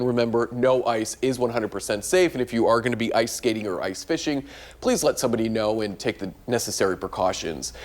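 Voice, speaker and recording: A man walks viewers through a television weather forecast at a medium pitch. He talks in a loose, explanatory way, pointing out what the maps show. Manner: conversational, explanatory.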